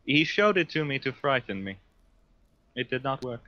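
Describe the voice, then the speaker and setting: A man's voice: mid-range voice, big pitch swings, moderate pace, pushed and bright, lo-fi sound. A man playing a psyker in a tabletop game, speaking haughtily with asides on his character's actions. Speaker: player.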